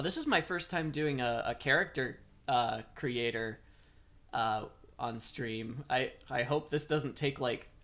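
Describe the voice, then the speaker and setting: A man's voice: mid-range voice, a bit bright. A man chatting casually as a streamer while playing a game, rambling and self-deprecating. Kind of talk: casual gameplay commentary.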